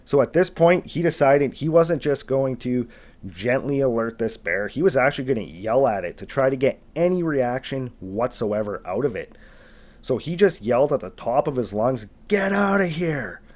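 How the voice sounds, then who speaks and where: A man's voice: mid-range voice, a little mellow. A man narrating a retold wilderness encounter in a casual, conversational way, building suspense as he goes. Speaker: storytelling channel host. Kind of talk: narrated retelling of an encounter story.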